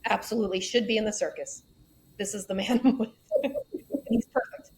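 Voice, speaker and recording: A woman's voice: medium pitch, a little fast, darkish tone, a little hiss or hum, rough recording. A woman in a candid interview, telling her story frankly with wry asides. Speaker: podcast guest.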